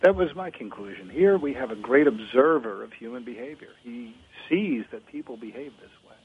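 Husky man on a thin, phone-like line. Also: mid-range voice, normal speed. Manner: storytelling, animated retelling of a play. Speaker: scholar discussing ancient drama. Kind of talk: conversational discussion.

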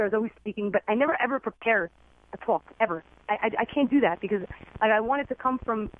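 A woman and former teacher, a guest in an interview, telling her personal story in an earnest, excitable way over the telephone. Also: mid-range voice. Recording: tinny phone line, dry.

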